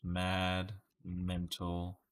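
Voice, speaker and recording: A man's voice: deep voice, completely flat delivery, drawn-out words, clean tone. An Australian man in casual live-stream chat, playfully musing through guesses and laughing often with his viewers. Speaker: streamer solving word puzzles live.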